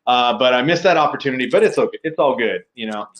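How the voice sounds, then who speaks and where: A man's voice: medium pitch, lively intonation, fast. A man co-hosting a casual podcast, telling stories eagerly with lots of fillers. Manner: enthusiastic storytelling with fillers. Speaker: podcast co-host. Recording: roomy echo.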